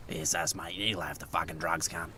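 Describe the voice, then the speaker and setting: Man playing a crude Aussie stoner; very deep, sharp-edged drawl. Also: fairly even intonation, moderate pace, a little hiss or hum. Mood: cocky. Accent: Australian. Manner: drawling, relentless swearing. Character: laid-back crude adult Aussie stoner bloke.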